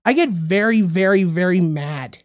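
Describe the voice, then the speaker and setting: Man, radio show host, casual chat, rambling, repeats phrases, animated storyteller. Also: high voice, moderate pace.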